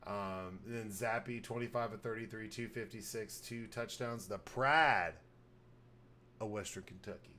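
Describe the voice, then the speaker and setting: A man's voice: lowish voice, a little slow, pushed and bright. A man hosting a podcast, giving blunt, profane, rambling football takes in casual sports talk. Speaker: podcast host.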